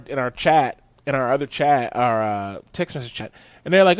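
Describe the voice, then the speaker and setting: A man co-hosting a casual podcast, telling a profane, animated story and jumping his voice up for the punchlines. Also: sits high, brisk, no room sound. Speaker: podcast co-host.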